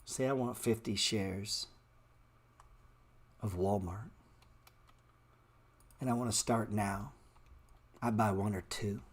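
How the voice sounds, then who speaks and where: A low-voiced man runs a live stock-trading stream and talks straight to his chat. His talk is blunt and slangy, full of bro and man, and he repeats words playfully to make a point. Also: steady tone, takes it slowly, long pauses, husky. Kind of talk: live market commentary answering chat.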